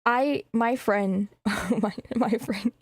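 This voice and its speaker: A woman's voice: on the high side, slow, no room sound, studio quality. A young woman streamer chatting casually, rambling, swearing freely and laughing often. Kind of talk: casual chat.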